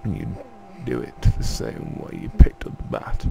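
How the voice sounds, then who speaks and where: A man voicing a gruff, condescending male tutorial instructor in a video game, barking instructions in a wandering mock Scottish accent. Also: on the low side, measured pace, dark tone, a little hiss or hum. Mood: bossy.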